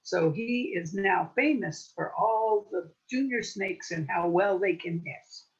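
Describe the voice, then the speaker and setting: A woman storyteller telling a playful folk tale with lively wordplay at a story swap. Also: lowish voice, takes it slowly, highs cut off.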